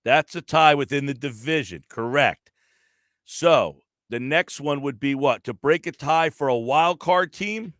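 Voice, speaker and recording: Lively sports radio host, a man. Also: a little high, a little slow, no echo, studio quality. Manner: animated, thinks aloud through the standings. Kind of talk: live sports talk radio.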